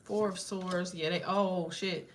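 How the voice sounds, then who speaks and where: A woman's voice: on the low side, steady tone, slow pace, a little hiss or hum. A woman doing a casual live tarot reading, blunt and profane, chatting to viewers and jumping between cards and asides. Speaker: tarot reader.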